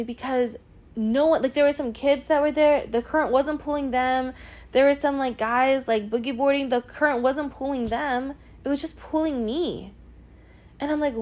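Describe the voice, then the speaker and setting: A woman's voice: high voice, unhurried, darkish tone. A young woman hosting a podcast, telling a personal story in an earnest, emotional way and filling her talk with "like". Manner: chatty, heavy use of "like" fillers. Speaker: podcast host.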